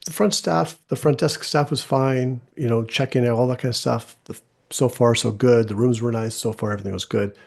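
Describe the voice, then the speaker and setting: Middle-aged male podcast host, husky gravelly voice, casual storyteller. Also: medium pitch, fairly even intonation, normal speed, darkish tone. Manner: conversational, retells quoted dialogue with restarts.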